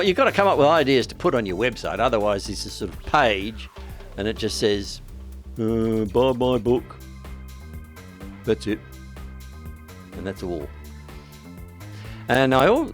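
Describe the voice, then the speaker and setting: Male author, deep-ish voice, casual rambling vlog tone. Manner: rambling, self-deprecating, wry asides. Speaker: author promoting his book.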